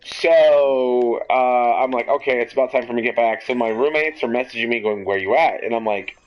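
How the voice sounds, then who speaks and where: A young man tells a rambling story at a casual, loose pace, animated and swearing freely. His voice sits at an ordinary middle pitch. The audio is a bit dull and lo-fi. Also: fairly quick. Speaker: podcast host.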